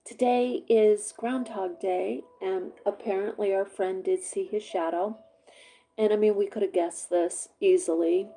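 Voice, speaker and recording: A woman from Vermont chatting casually to her camera, rambling with many fillers, her voice a little hoarse as she works through a cough drop. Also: fairly low pitch, warm tone, poor audio. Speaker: vlogger.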